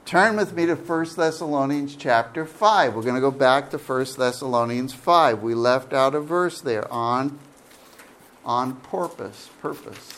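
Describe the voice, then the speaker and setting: A middle-aged man teaching a Bible study as pastor, pausing to ask the listeners questions. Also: mid-range voice, slight background noise. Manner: asks the audience questions, animated.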